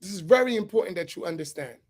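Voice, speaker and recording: A man's voice: high voice, expressive, quick pace. A man speaking as an imam, giving an emphatic lecture-style sermon and repeating his key points. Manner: asks for slides to be put up.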